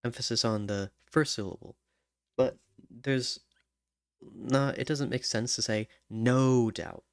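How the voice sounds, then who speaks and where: Slow, muttering man hums lyric ideas. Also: mid-range voice, creaky, dry recording, clean studio sound. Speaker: songwriter. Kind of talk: thinking aloud while writing lyrics.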